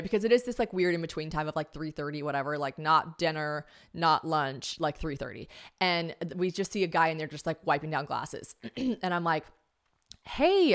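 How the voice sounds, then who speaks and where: A young woman from the United States hosts her own podcast, telling a story in a chatty, animated way. Her voice sits a little low, and she swears casually as she goes. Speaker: podcast host. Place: home podcast room.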